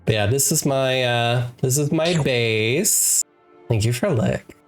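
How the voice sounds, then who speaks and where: An adult game streamer chatting casually with viewers during a live stream, playful and excitable, laughing often. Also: medium pitch, slow, soft background music. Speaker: wholesome RPG game streamer.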